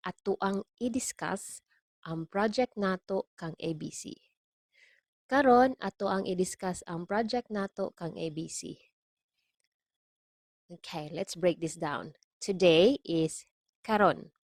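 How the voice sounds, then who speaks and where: A woman gives a language lesson in a slow, unhurried way and a slightly low voice. She says each phrase twice and checks in with a soft "okay?" between points. The sound is dry and close, with no room in it. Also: dry recording. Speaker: language teacher.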